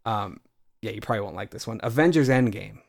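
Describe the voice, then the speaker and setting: A man's voice: fairly low pitch, fairly even intonation, fast, creaky, fairly bright tone. A man chatting casually about his movie ranking list, hesitant and restarting often.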